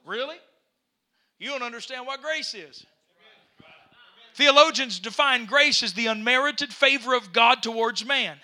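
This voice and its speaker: A pastor preaching with fervor, his voice climbing to shouts and his words repeating as he builds. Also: very high-pitched, unhurried, pauses often. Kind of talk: impassioned preaching.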